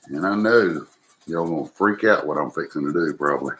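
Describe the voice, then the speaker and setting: A man's voice: a bass voice, brisk, fairly bright tone. A man hosting a live cooking stream, chatting casually and poking fun at himself as he talks to viewers. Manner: folksy, self-deprecating, talks to viewers as he cooks. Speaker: cooking livestream host. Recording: noisy home recording.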